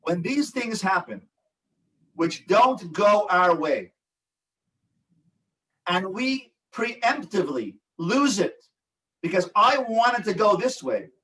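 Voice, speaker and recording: An older man, a rabbi and relationship coach, teaching an online support group with animated storytelling and acted-out quotes. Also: high-pitched, takes it slowly, pauses often, distant mic, rough recording. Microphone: video call.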